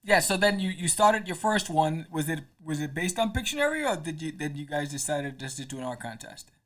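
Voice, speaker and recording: A man's voice: a little high, a little fast. A man hosting a casual podcast interview, asking questions and laughing along. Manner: lively, laughs often, short backchannels. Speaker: podcast host.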